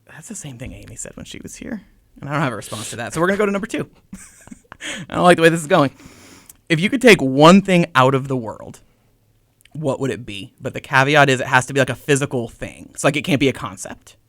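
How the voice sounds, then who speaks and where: A man's voice: medium pitch, animated, a bit bright, no echo, clean studio sound. A man from Boston hosting a podcast interview, playful and joking. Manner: joking, fast-talking, playful. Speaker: podcast host.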